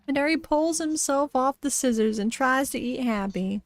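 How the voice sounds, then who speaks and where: A woman's voice: on the high side, normal speed, hardly any pauses, dry recording. A woman streamer casually reading a horror story aloud, giggly, with frequent laughs and dry asides.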